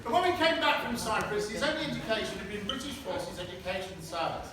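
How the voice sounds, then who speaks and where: A middle-aged man, a retiring army medic, gives a casual farewell speech to friends at a nighttime gathering in a historic hall, his high voice swinging widely in pitch as he halts, restarts and chuckles through anecdotes. A friend's phone captured it from across the very echoey room, with audible noise and the ambience of the crowd.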